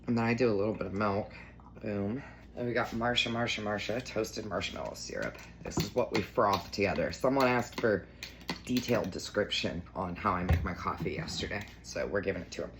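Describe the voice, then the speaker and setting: A woman chatting casually through a home vlog, bubbly and gushing, slipping into a high baby-talk voice for her cat. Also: brisk, noisy background. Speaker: lifestyle vlogger. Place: home kitchen and living room.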